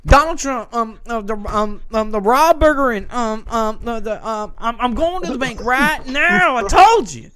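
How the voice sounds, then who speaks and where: A man voicing an erratic woman on a bus who rambles nonsense in a shrill, pushy way. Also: animated, normal speed, few pauses, a bit bright, a little hiss or hum. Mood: shrill insistent.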